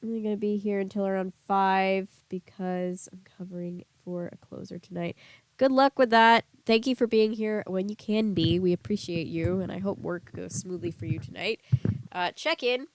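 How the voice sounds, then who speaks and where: Here a young woman hosts a laid-back live stream, talking with viewers and reading their comments aloud. She laughs frequently and coughs now and then, sounding slightly ill. Her voice is mid-range at a normal speed, and there's slight background noise.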